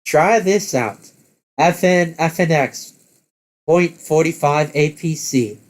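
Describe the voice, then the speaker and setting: A woman's voice: low-pitched, takes it slowly, voice pushed up. A man voicing a brash young gun-loving woman with a put-on Canadian accent and a cocky, clipped way of talking. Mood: casual.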